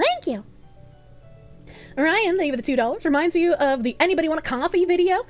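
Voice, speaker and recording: A woman streamer in casual chat, reading out donations with giggly laughs, loud outbursts and swearing. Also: extremely high pitch, expressive, a little fast, pauses often. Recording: faint music behind voice.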